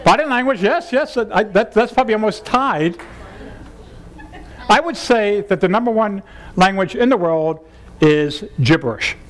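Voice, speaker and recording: A man leading a humorous seminar workshop, playful and laughing as he coaxes the audience through exercises. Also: high-pitched. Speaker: seminar leader.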